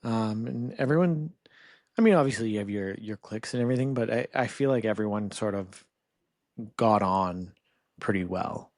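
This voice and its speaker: A man in his thirties from Canada, a podcast guest talking in a relaxed, rambling way full of "like" and "you know". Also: on the low side, normal speed, no room sound, clean studio sound. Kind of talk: casual interview chat.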